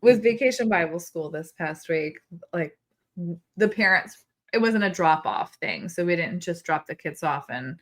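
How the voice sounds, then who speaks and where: A woman's voice: lowish voice, normal speed. A woman co-hosting a casual podcast, telling candid stories with laughter. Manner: candid, animated storytelling, laughs. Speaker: podcast co-host. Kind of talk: casual chat.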